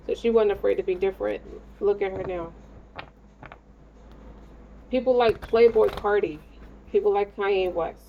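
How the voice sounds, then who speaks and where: A woman's voice: medium pitch, fairly even intonation, moderate pace, vocal fry, long pauses. A woman giving a casual tarot reading, rambling, slangy and profane, talking straight to the listener. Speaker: tarot reader. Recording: dull lo-fi sound with faint noise.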